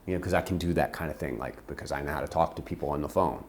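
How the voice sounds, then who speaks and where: A man's voice: rumbling low, very fast. A middle-aged man telling a personal story from his ministry work, intense and impassioned, acting out the people in it.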